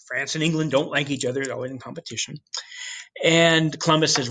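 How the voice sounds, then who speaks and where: A man giving a history lecture in an animated storytelling way, with casual asides to the class. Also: a little high, a little fast. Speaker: history teacher.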